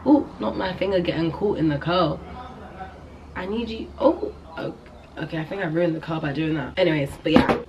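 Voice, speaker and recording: A woman's voice: sits low, normal speed, lo-fi sound, background noise. Chatty young British woman vlogging. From England. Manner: chatty, upbeat, addressing viewers directly. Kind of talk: casual vlog chat.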